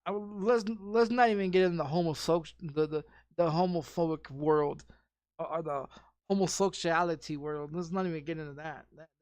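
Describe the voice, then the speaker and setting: A man's voice: fairly high pitch, steady tone, normal speed, a little mellow, smooth, dry recording. A man ranting casually while streaming a game, swearing constantly and restarting his sentences. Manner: profane, rambling, heavy restarts and repeats. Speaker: gaming streamer.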